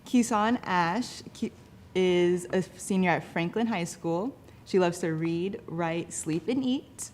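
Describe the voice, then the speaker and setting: A woman's voice: on the low side, slow, darkish tone. A woman co-hosting an event, introducing a speaker with enthusiasm. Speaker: event co-host.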